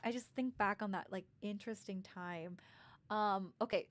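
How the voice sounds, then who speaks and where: A woman's voice: mid-range voice, moderate pace. A woman in her thirties telling personal stories in a rambling, casual way, with many fillers and restarts. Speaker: vlogger. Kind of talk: casual storytelling.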